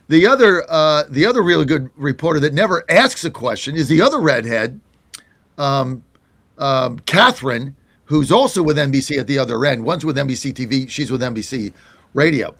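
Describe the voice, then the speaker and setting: American talk host, indignant, laughing, lively gravelly voice. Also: male voice, a little high, moderate pace, dry recording. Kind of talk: casual political talk.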